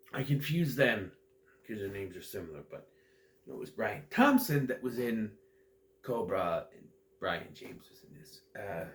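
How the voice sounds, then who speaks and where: A man's voice: medium pitch, fairly bright tone. Rambling man recapping a movie. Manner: rambling, meandering, often loses his thread. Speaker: movie reviewer.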